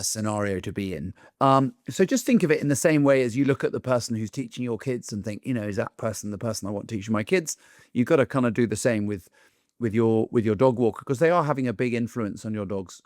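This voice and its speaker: A man's voice: on the low side, no room sound. Chatty man, dry close sound. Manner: chatty, acts out quoted people in raised voices. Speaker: dog trainer and breeder. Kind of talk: casual monologue to camera.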